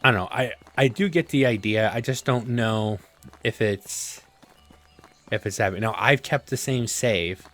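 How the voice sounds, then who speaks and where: A man casually commenting on his gameplay, thinking aloud with relaxed fillers. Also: lowish voice, measured pace. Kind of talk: casual let's-play commentary.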